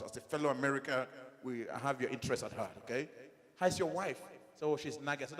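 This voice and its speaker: A middle-aged man with a Nigerian accent doing a stand-up comedy set, animated, acting out dialogue in his stories. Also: mid-range voice, fast talker, big-room sound.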